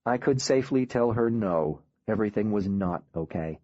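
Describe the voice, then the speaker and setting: A man reading a first-person audiobook in a quiet, grave, measured way. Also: lowish voice, lively intonation, no echo, lo-fi sound. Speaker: audiobook narrator.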